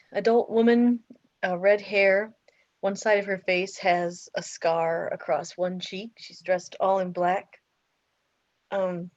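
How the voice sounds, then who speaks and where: A woman's voice: mid-range voice, darkish tone, dull audio. A woman, a player in a tabletop role-playing game, describing her character with some hesitant fillers.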